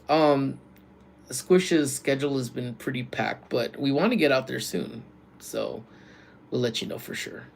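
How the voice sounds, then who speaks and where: A man working security, chatting casually with viewers on a live stream from work, using relaxed slang and calling out loud greetings to people joining. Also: mid-range voice, measured pace, creaky, slight background noise. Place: workplace community center.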